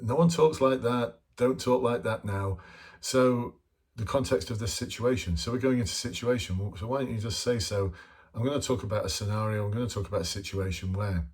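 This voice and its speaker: A man's voice: fairly low pitch, darkish tone. Blunt, chatty man coaching interviews. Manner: blunt, chatty, informal with mild swearing. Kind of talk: casual spoken lesson to camera.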